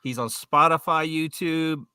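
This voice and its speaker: A man with a Texan accent co-hosting an interview, halting and full of fillers. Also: a little high, steady tone, sharp tone, clean tone, dry recording, studio quality. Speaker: co-host. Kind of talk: casual interview chat.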